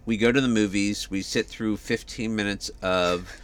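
A man's voice: on the low side, fairly even intonation, normal speed, smooth. A man co-hosting a casual podcast chat, talking with frequent fillers and restarts. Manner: chatty, hesitant with many fillers. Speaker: podcast co-host.

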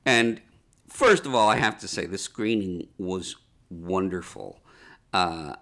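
Lively storytelling man, bright and forceful. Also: deep voice, slow, creaky. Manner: lively anecdotes, laughs often, acts out quotes. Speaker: animator guest. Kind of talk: casual interview storytelling.

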